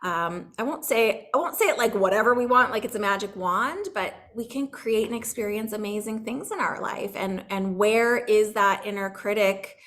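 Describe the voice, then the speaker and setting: A middle-aged woman leads a group healing session over a video call, her voice gentle and soothing. She talks in a relaxed, chatty way and laughs easily, then settles into a calm guided meditation. Her pitch sits in the middle range. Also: moderate pace, few pauses. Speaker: energy healer leading a group session.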